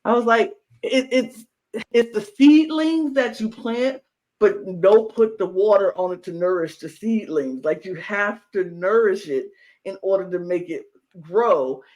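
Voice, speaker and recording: A man co-hosting a podcast, chatting casually and recapping the show in a playful, animated way. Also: sits high, unhurried. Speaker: podcast co-host. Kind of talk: casual chat.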